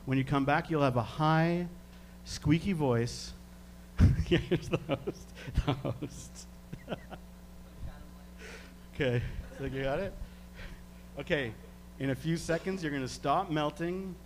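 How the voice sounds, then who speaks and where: A man from Canada, working as a stage hypnotist, giving slow, soothing suggestions and chuckling between them. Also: a little high, a little hiss or hum. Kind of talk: live hypnosis demonstration.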